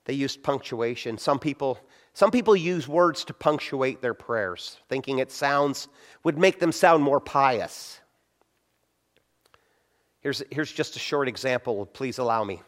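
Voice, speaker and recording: A middle-aged man gives a sermon on prayer in a mid-range voice with lively intonation, speaking a little slowly. His preaching is conversational, and he acts out short quotes within his stories.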